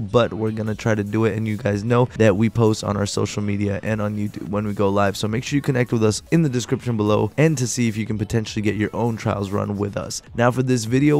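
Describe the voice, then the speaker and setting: Man, gaming vlogger, sick rough voice, gravelly, low and flat. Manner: upbeat, addresses viewers directly. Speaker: gaming channel host. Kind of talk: casual gaming tutorial talk.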